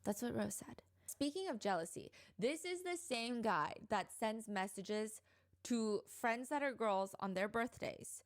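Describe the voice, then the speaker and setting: A woman's voice: on the high side, expressive, a little slow. Chatty young woman telling a true crime story. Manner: chatty, filler-heavy retelling with quoted voices.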